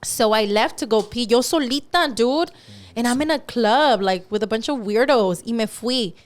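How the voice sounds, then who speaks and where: A young woman co-hosting a podcast, telling a story in casual chat, animated, swearing often and slipping into Spanish phrases. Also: fairly high pitch, moderate pace. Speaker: podcast co-host.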